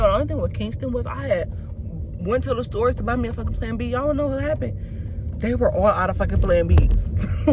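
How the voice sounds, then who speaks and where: A young woman vlogs from inside a car and talks straight to her viewers. She tells the story in a blunt, lively way and swears often. A faint vehicle hum stays under her voice. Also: a little high. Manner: blunt, profane, animated storytelling. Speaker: vlogger. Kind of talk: casual talk to camera.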